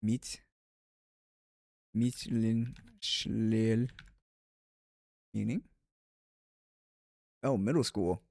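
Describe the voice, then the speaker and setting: A man's voice: lowish voice, fairly even intonation, measured pace, pauses often, a little mellow, dry recording, studio quality. A man streaming and chatting casually with viewers, rambling with frequent restarts and filler words. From United States.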